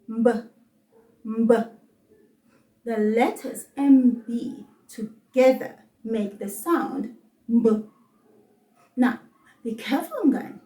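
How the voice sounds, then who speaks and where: A woman with a South African accent teaching a children's language lesson, encouraging and patient, saying words slowly for kids to repeat. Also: on the high side, mellow, reverberant, recorded from a distance.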